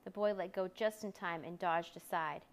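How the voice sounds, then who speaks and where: A woman's voice: normal speed, low-quality recording. Woman reading a children's story aloud. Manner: lively, voicing characters with raised pitch for shouts. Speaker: narrator.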